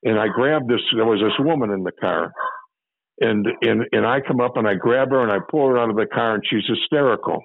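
A man's voice: mid-range voice, fairly quick, gravelly, no echo, narrow, tinny audio. An older man from Chicago, a former police officer telling stories from his career in an interview, rambling and repeating phrases as he remembers. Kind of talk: storytelling interview.

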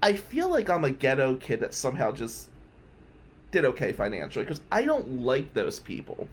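A man's voice: mid-range voice, huge pitch swings, moderate pace, slight background noise. A middle-aged man hosting a podcast, candidly telling a personal story with blunt, emphatic phrasing. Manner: candid, emphatic, with some swearing. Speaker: podcast host.

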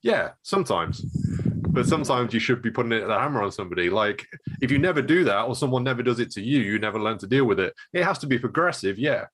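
A man's voice: medium pitch, animated, quick pace, fairly bright tone, husky. A man who runs a martial arts gym, thinking aloud in casual chat with many fillers and restarts. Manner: reflective, hesitant, many fillers.

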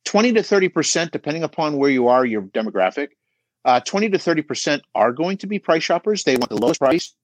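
Middle-aged male coach, animated and emphatic, mid-high voice, dry close sound. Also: fast talker, dry recording. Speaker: auto shop business coach guest. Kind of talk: podcast conversation.

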